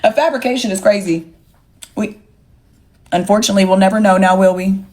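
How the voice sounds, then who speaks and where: A young woman hosts a livestream from her phone. She talks straight to her chat in a blunt, sassy, profane way, with a mid-pitched voice. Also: brisk, darkish tone. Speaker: livestream host. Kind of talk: casual livestream rant to viewers.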